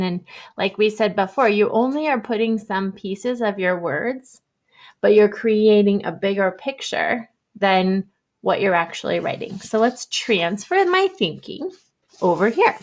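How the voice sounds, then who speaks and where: A young adult woman teacher giving an online writing lesson to young children, thinking aloud in a gentle, encouraging way. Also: mid-range voice.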